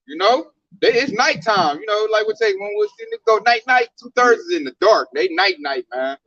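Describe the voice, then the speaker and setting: A man's voice: high voice, a bit bright, dry recording, lo-fi sound. A man talking casually about religion in a preachy, emphatic way, full of slang.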